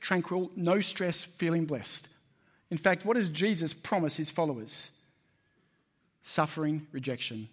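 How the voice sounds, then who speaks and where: A man preaches a sermon to his congregation, conversational yet emphatic, questioning the listeners and leaning into his points. His voice is a little higher than most men's and has a breathy edge.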